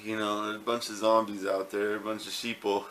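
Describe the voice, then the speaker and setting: A man's voice: fairly low pitch, flat delivery, a little fast, a bit bright, slight background noise. A man talking casually to a home camera, rambling with fillers and repeated words. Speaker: vlogger. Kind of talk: casual home video talk.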